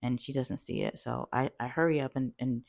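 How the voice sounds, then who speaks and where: A woman telling a call-center story in a chatty, animated storytime vlog, full of fillers. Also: a bass voice, a little fast, vocal fry, dry recording, studio quality.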